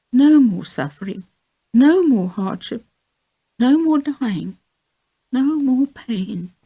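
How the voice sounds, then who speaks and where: A teary, earnest young woman facing cancer, read by a woman in an audiobook. The voice sits low and dark with a gravelly, husky edge, and it rises and falls a great deal as she speaks. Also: exaggerated voice. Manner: teary, heartfelt. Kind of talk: audiobook reading of a memoir.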